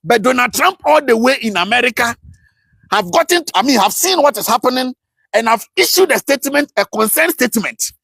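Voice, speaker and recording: A man hosting a live political commentary stream, ranting passionately with rhetorical questions, swinging between shouts and low mutters. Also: animated, a little fast, gravelly, husky, dry recording.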